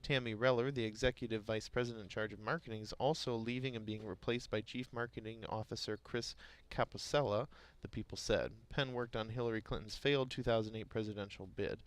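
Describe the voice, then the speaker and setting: A man's voice: fairly low pitch, steady tone, brisk, few pauses. A man co-hosting a morning market show, chatting and then reading news headlines with occasional stumbles and self-corrections. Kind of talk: casual chat and news reading.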